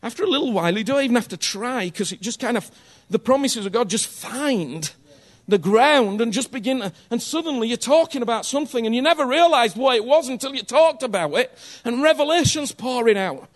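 A man's voice: very high voice, expressive, brisk, hardly any pauses. A man preaching a sermon in a conversational, earnest way, often checking in with his listeners and repeating phrases for emphasis.

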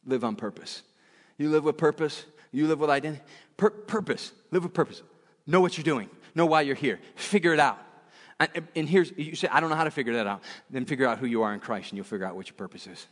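A high-pitched male preacher delivers a sermon, pressing points by repeating them and restarting phrases mid-thought. His voice rings out with a long reverb from a church hall. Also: animated, a little fast. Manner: emphatic, repetitive, frequent restarts.

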